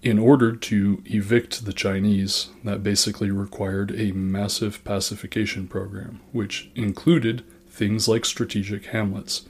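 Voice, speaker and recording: Male history narrator, low and level delivery, dry wry asides. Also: flat delivery, unhurried, few pauses, a little mellow, breathy edge.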